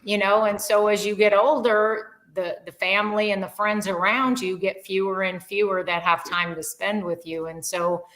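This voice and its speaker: A woman's voice: mid-range voice, steady tone, moderate pace, few pauses, a bit bright, poor audio. An older woman, a podcast guest, telling a heartfelt story in an earnest, rambling way with many fillers. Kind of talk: casual conversational storytelling.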